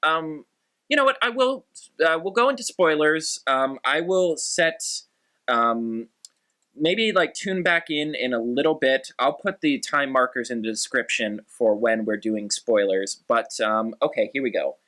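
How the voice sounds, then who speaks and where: A man hosting a casual podcast, talking in an animated, rambling way with lots of fillers. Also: mid-range voice, unhurried. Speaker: podcast host.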